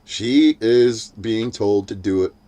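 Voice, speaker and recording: A man's voice: takes it slowly, mellow. Foul-mouthed heated man ranting. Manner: heated storytelling, swears constantly; acts out quotes in a shrill voice. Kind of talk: profane casual chat.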